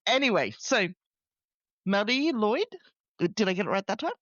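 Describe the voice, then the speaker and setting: A man's voice: sits high, big pitch swings, racing, fairly bright tone, no room sound, lo-fi sound. A man co-hosting a podcast in casual chat, talking freely and laughing often at himself. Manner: chatty, laughs often, self-deprecating. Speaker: podcast co-host.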